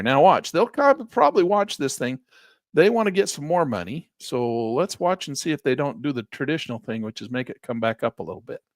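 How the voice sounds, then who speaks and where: A middle-aged man running a live trading class. His voice leaps around with lots of animation and has a gravelly edge. He teases and jokes as he narrates the market, and the sound is close and dry. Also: on the high side, no room sound. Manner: animated, teasing, playful narration of market moves. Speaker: trading instructor.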